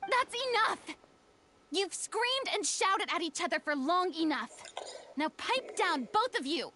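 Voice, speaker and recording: A woman's voice: extremely high pitch, lively intonation, a little slow, noisy background. A woman voicing a stern, commanding young woman in a game cutscene, lecturing a quarreling group with firm authority. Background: music.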